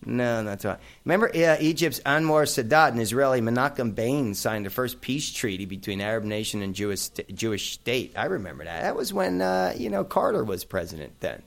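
A man's voice: medium pitch, expressive, brisk, gravelly, few pauses. A middle-aged man hosting a casual chat, rambling through memories with plenty of fillers and asides. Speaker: host.

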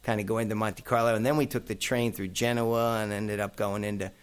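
A man's voice: fairly low pitch, steady tone, fairly quick, clean tone. A middle-aged man hosting a casual chat, rambling through memories with plenty of fillers and asides. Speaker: host.

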